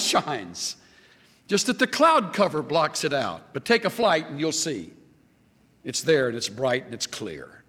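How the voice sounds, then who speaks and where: A man preaching a sermon, animated, building up to a joke story. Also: fairly high pitch, in a large hall. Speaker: pastor.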